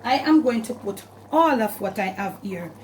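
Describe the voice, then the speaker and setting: A woman's voice: mid-range voice, expressive, moderate pace, noisy background. A woman with a Jamaican accent, hosting a cooking channel and giving chatty, instructive steps while she cooks in her kitchen. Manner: chatty, instructive, repeats "and all of that". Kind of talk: casual cooking demonstration. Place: home kitchen.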